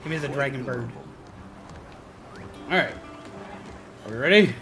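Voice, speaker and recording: A man's voice: medium pitch, unhurried, sharp tone. A man streaming a game in casual, goofy chat, who also talks to his pet bird. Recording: game music playing under the voice.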